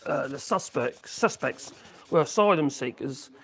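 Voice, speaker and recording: Guy on a live stream, kinda high gravelly voice, rambling blunt opinions on the news. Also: lively intonation, unhurried, a bit bright. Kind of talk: off-the-cuff news commentary.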